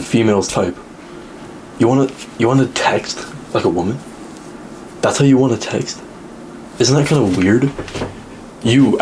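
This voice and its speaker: A man's voice: darkish tone, slight background noise. Young man ranting crudely. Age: young adult. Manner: mocking, crude, lectures the listener; mimics high whiny voices when quoting. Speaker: social media commentator. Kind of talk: direct-to-camera rant.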